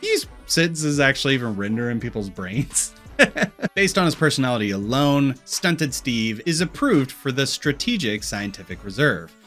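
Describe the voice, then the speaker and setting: Brief: man, Missouri accent, scripted movie commentary, wry and sarcastic, soft music bed. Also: mid-range voice, big pitch swings, normal speed. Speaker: YouTube film commentator. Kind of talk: scripted video-essay commentary.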